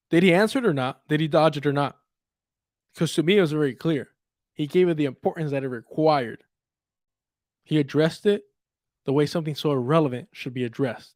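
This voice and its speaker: A man's voice: a little high, brisk, pauses often, darkish tone, no room sound, clean studio sound. A young man giving angry, profane political commentary, mocking others with sarcastic quotes.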